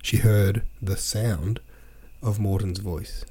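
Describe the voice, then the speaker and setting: A man's voice: lowish voice, steady tone, slow, mellow, slightly rough. A man hosting a podcast, reading from a novel aloud and complaining in an exasperated, ranting way about its wordy sentences. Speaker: podcast host.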